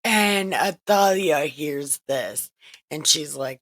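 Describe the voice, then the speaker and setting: A woman's voice: fairly low pitch, lively intonation, takes it slowly, fairly bright tone, dry recording. A woman host retelling Bible stories in a casual, profane, wisecracking way, recorded in a makeshift home setup. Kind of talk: casual irreverent storytelling.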